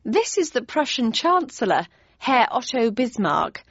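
A woman's voice: a little high, very animated, unhurried, slightly rough, no echo, highs cut off, voice pushed up, exaggerated voice. A woman doing a flustered, gushing mum. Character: fussy, flustered middle-aged mother.

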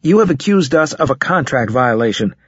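A man's voice: mid-range voice, expressive, normal speed, husky, dry recording. A man voicing a stubborn young soldier, speaking firmly and insistently in a raised voice. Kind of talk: audiobook character reading. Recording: dull, muffled audio.

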